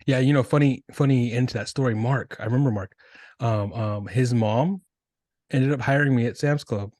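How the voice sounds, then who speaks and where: A man in his thirties hosting a podcast, telling stories in a relaxed way and acting out what people said. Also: medium pitch, moderate pace, no room sound. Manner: relaxed storyteller, acts out quotes. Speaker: podcast host. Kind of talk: casual storytelling chat.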